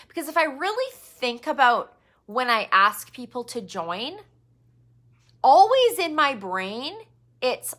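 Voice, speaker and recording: Bright fairly high woman, blunt pep talk, swears a bit, lots of "like". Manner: candid, emphatic, mild swearing and fillers. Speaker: direct sales team leader. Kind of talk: motivational talk.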